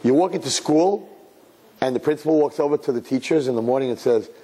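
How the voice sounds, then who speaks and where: A middle-aged man teaching a sermon-style class to a room of girls, telling a story with sudden jumps in pitch for emphasis and mixing in Hebrew and Yiddish words. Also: fast, warm tone, husky. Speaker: Torah teacher.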